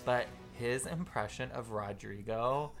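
A man co-hosting a podcast in casual chat, animated and giggly, swearing freely. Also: mid-range voice, a little slow, creaky, over music. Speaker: podcast co-host.

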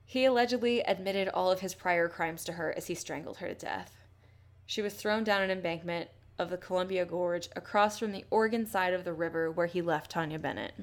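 Gravelly-voiced woman telling a crime story. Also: on the low side. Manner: blunt and swears often, reads quotes aloud. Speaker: podcast host. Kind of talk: casual true-crime storytelling.

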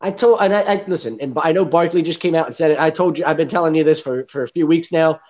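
A man with a slightly higher voice talks sports in a loose, rambling way, padding his points with fillers and blunt asides. The sound is dull and lo-fi. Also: a little mellow. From Florida. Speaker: sports podcast co-host. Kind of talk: casual sports chat.

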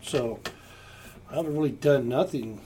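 A man's voice: mid-range voice, moderate pace, mellow, a little hiss or hum. A man co-hosting a podcast in casual chat, telling rambling stories. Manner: rambling storyteller.

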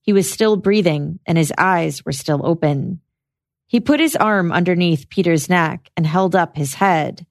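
Low-voiced woman narrating true crime. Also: vocal fry, no echo, clean studio sound. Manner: measured, recounting testimony. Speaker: podcast host.

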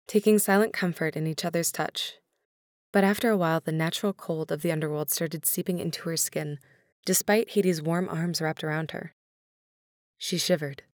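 A woman narrating a story in a measured, gentle reading. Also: on the low side, no echo, studio quality.

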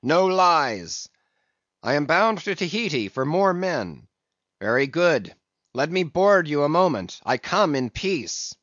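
A man's voice: fairly high pitch, very animated, takes it slowly, fairly bright tone, dry recording, highs cut off, voice pushed up, full character voice. A man reading a story aloud and voicing a defiant mutineer sailor who gives orders to a captain. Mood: demanding. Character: defiant rough male sailor mutineer leader.

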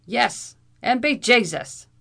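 A woman's voice: medium pitch, normal speed, creaky, a bit bright. A woman voicing a hot-tempered Irish army captain who roars and blusters, in a put-on Irish accent. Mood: furious. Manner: roaring, blustering.

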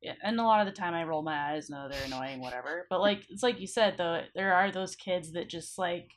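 A woman's voice: on the low side, brisk, a little hiss or hum. Wry, laid-back woman in chat. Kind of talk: casual chat.

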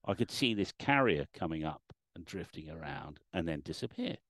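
Deep animated middle-aged man, storytelling guest, dry sound. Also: moderate pace, no room sound. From England. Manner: animated storyteller, acts out quotes. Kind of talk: casual livestream chat.

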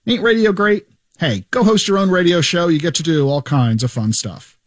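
A man hosting his radio show, telling stories in an animated, joking way into a studio microphone. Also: fairly high pitch, moderate pace, no room sound. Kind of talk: radio show retrospective monologue.

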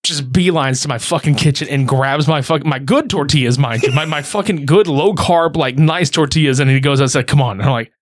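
Profane, animated man telling a story. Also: fairly high pitch, brisk, hardly any pauses, no echo, studio quality. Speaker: podcast host. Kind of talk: casual chat.

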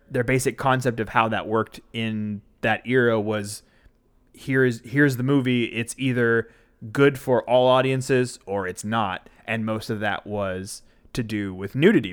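Lowish voiced guy, podcast cohost, explains stuff, lots of you knows. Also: a bit bright. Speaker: podcast co-host. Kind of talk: casual film discussion.

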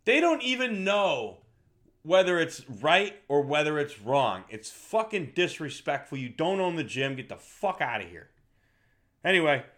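A man's voice: on the high side, fairly bright tone. A middle-aged man doing a profane, heated rant to camera as a fitness vlogger. He talks bluntly and swears constantly.

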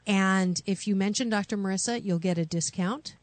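A woman hosting a radio call-in show, coaching callers with slow, soothing affirmations. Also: mid-range voice, no echo. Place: radio studio.

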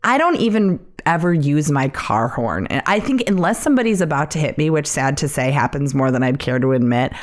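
A woman's voice: sits low, animated, a little fast, few pauses. A woman co-hosting a podcast, reading stories aloud and chatting bluntly in a casual way. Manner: reads listener stories, blunt, laughs often. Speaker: podcast co-host. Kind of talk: casual chat.

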